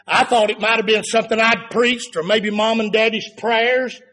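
Man, preacher, sermon, very high pitch, fervent, swings loud and soft. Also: steady tone, moderate pace. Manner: fervent, rising to shouts then dropping low.

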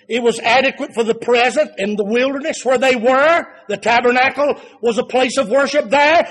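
A man preaching a sermon, rising to fervent shouts and then dropping to quiet, low passages. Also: normal speed, few pauses.

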